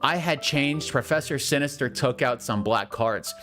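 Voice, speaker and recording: A man doing a comedic dramatic reading of bad fanfiction, with mocking deadpan asides. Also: moderate pace, soft background music. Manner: swears and jumps into shrill high voices for quotes. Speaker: fanfiction reader.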